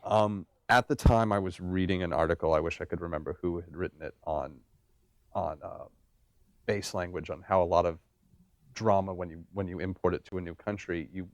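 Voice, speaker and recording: A man's voice: low voice, steady tone, fairly quick, dry recording. A man, a voice director, talking eagerly and emphatically in a casual interview.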